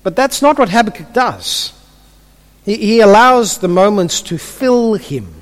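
A man's voice: high-pitched, very animated, unhurried. A man preaching a sermon, telling the stories vividly and often repeating his first words as he restarts. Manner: stammering restarts, vivid storytelling. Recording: long hall reverb.

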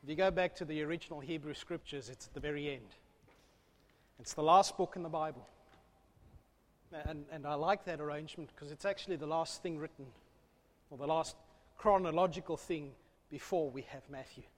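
A man preaching a sermon, swinging between loud, fervent calls and hushed, low asides. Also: brisk, pauses often. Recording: long hall reverb.

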